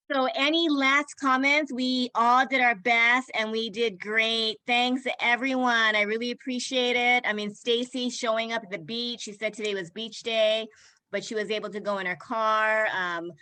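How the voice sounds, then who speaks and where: A woman hosting an online parenting summit, chatty and quick to laugh and get emotional. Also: fairly high pitch, fairly even intonation, bright, forceful tone, low-quality recording. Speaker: summit host. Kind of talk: casual online video chat.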